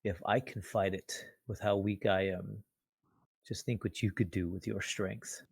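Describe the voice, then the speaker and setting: A man voicing a weary male fighter who feels weak, speaking in a low, subdued way. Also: steady tone, unhurried, no echo, close to an everyday voice. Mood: grave.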